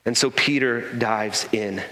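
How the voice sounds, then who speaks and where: A man preaching a sermon as a pastor, telling the story in an animated way, acting out quotes and adding humorous asides. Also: medium pitch, a little slow. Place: church sanctuary. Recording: echoey church hall reverb.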